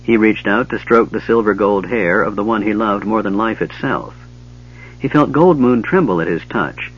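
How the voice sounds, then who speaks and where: A man reading a fantasy novel aloud as narrator, with steady storytelling, in a dull lo-fi recording. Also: lowish voice, breathy edge. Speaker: audiobook narrator.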